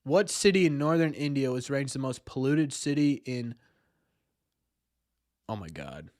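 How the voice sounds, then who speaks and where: A man's voice: medium pitch, normal speed, darkish tone, dry recording, studio quality. A young man streaming, thinking aloud through a quiz and mocking himself when he gets answers wrong. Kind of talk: live stream chat.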